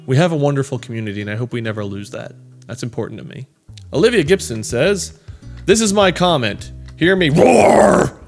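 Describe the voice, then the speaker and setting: A man reading viewer comments aloud and chatting casually, in a rambling, self-deprecating way with many fillers. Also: mid-range voice. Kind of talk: casual chat.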